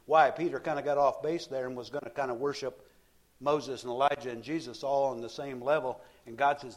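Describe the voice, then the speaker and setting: A man's voice: medium pitch, steady tone, a little fast. A man preaching a sermon, telling the story with frequent repeated words and restarts.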